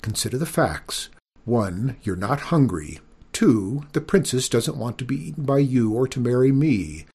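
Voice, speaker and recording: Guy reading as a mopey sorry-for-himself prince, husky, dry and wry. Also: mid-range voice, lively intonation, unhurried, a little mellow. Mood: reasoning. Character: gloomy self-pitying young prince.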